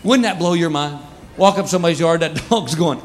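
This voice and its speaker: A man doing a stand-up comedy routine in front of a live audience, animated, jumping into silly voices. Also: brisk. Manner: animated, jumps into silly high voices for pets. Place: comedy stage before a laughing audience. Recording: live club with loud crowd laughter and noise.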